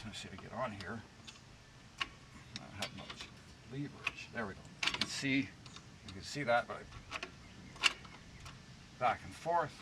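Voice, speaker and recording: A man's voice: medium pitch, background noise. A man giving a rambling, folksy, self-deprecating how-to talk while working on a jacked-up car outdoors. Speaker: DIY car repair vlogger.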